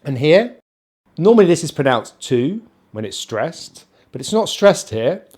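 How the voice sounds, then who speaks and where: A man with a British accent teaching English pronunciation, slowly drilling and repeating syllables. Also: fairly high pitch, very animated, darkish tone, slightly rough. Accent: British, non-rhotic. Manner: slow, exaggerated drilling of sounds. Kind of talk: pronunciation lesson.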